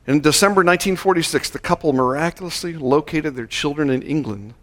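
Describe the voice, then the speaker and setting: Man preaching a slow, measured sermon. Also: on the high side, a bit bright. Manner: measured, slowing down to stress key words. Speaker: pastor. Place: church service.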